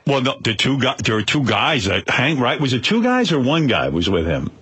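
A man on a talk radio show telling a story excitably and stammering through his restarts. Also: mid-range voice, moderate pace, husky, no room sound.

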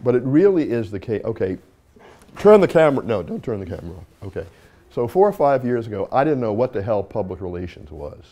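A man's voice: fairly low pitch, very animated, fast, warm tone. A man, a university dean, giving an informal classroom talk, telling stories with asides and self-corrections.

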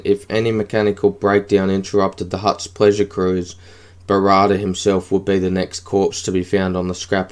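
A man narrating an audiobook in a steady, even reading. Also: fairly low pitch.

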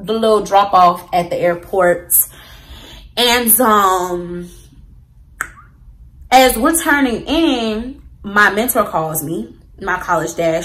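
A woman's voice: medium pitch, fairly bright tone, rough recording. A young woman telling a storytime to her viewers in a casual, slangy way, talking straight to the audience. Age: young adult. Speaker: vlogger.

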